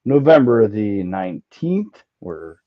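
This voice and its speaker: Guy hosting a betting podcast, kinda low voice, joking and tripping over words, dull lo-fi sound. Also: big pitch swings, slow pace. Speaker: podcast host. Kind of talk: casual sports betting podcast chat. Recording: slightly dull lo-fi audio.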